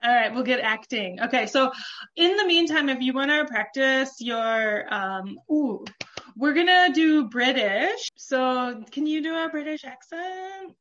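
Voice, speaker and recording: A woman's voice: high-pitched, lively intonation, unhurried, a bit bright, dull audio, a little hiss or hum. A woman talking about her comedy book in casual chat, with lots of fillers. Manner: chatty, laughs often, lots of fillers. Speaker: comedy book author, guest.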